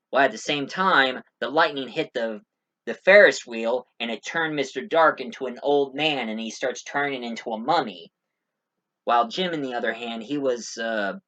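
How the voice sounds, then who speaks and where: A man's voice: medium pitch, bright, forceful tone, highs cut off. A man giving a casual spoken movie review, rambling with many fillers and restarts.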